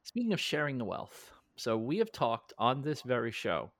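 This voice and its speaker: A man in his forties co-hosting a casual chat show, telling stories with lively acted-out quotes and frequent laughter. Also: mid-range voice, moderate pace, no echo. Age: 40s. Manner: animated storyteller, acts out quotes, laughs often. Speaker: podcast co-host.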